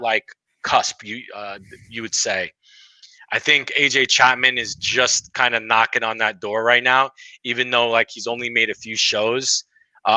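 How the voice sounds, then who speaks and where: Bright-voiced Brooklyn man, joking. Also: mid-range voice, no echo, low-quality recording. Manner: joking, loose and chatty with fillers. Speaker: podcast co-host. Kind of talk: casual chat.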